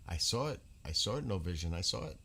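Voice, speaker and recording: A man's voice: deep voice, lively intonation, fast talker, gravelly, pushed and bright, husky. New York man chatting on a livestream. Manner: chatty, answers viewers by name. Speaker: livestream host. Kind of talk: casual live-chat skywatching stream. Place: outdoors at night, dark rural area.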